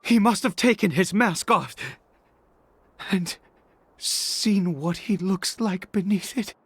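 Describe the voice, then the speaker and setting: A man's voice: sits high, slow, breathy edge, heavily acted. An actor voicing a frantic, protective man searching for his missing son, with agitated, stammering outbursts, as game voice acting. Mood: distraught.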